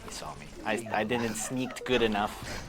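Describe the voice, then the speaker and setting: A woman joining a gameplay stream as a guest, excitable and giggly as she plays. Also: extremely low pitch, unhurried, a little hiss or hum. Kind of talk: casual gameplay chat.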